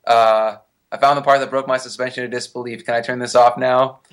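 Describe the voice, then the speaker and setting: A man's voice: mid-range voice, level tone, fairly quick, a bit bright, clear, resonant tone. Male co-host, middling voice, wry mocking storyteller. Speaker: podcast co-host. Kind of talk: casual chat.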